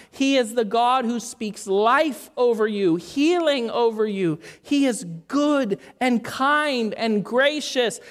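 A woman preaching a sermon in an earnest, measured way, asking rhetorical questions. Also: on the high side.

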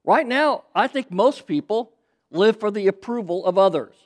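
A man with a notably high voice preaches a sermon from a stage mic. He drives his points home by repeating phrases and getting the crowd to answer back. His delivery is emphatic and built for a congregation. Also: animated, normal speed. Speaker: pastor.

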